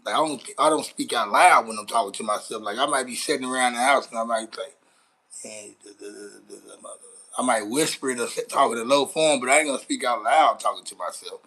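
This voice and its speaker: A man's voice: medium pitch, quick pace, few pauses, bright, forceful tone, poor audio. A man hosting a casual live stream, rambling and swearing as he chats with viewers. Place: Dallas, Texas.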